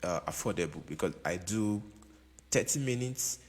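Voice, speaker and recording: Deep and a little mellow, with lively intonation, this man talks at a normal speed. He plays a keyboard while giving a casual music production lesson, often repeating points and making sure the listener follows. The room reverberates long, with keyboard music behind.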